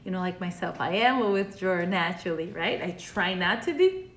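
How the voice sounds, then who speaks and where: A woman's voice: lowish voice, animated, a little fast. A woman therapist giving a casual video lesson, explaining conversationally and often checking in with "right?". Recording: echoey room, faint background hum.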